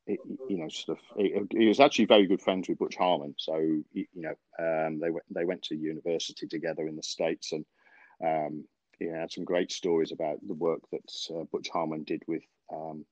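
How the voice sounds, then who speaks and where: A man's voice: rumbling low, steady tone, fairly quick, a little mellow, no echo. A man hosting a golf podcast, chatting casually and telling stories with lots of fillers and restarts. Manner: rambling, many fillers and restarts, laughs often. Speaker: podcast host, golf coach. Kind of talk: casual podcast chat, storytelling. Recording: dry, dull lo-fi podcast audio.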